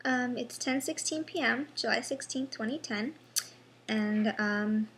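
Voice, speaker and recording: A young woman talks to her webcam at home in a halting, restart-heavy monologue, worn down and frustrated. Her voice sits a little high. A faint background hiss runs under the recording. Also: fairly bright tone. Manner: halting, with many ums and restarts. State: unwell. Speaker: vlogger. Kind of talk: personal vlog monologue.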